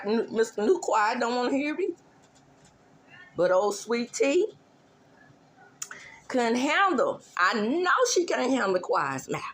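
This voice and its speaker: A woman hosts a casual gossip show. She drawls and teases, slipping into mocking voices. Her voice sits a little high and swings widely in pitch. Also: fairly bright tone. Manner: sassy, drawling, mock-mimicking. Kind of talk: casual celebrity gossip commentary.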